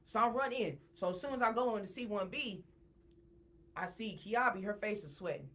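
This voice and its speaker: Her pitch is medium and her speed normal as she tells a personal story on a podcast where she's the guest. The delivery is casual and lively, and words get repeated whenever she's worked up.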